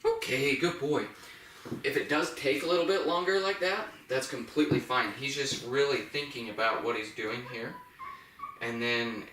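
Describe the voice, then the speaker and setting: A man working as a dog trainer, calmly explaining each step while giving brisk commands to a dog. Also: medium pitch. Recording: echoey room, mic at a distance, noisy.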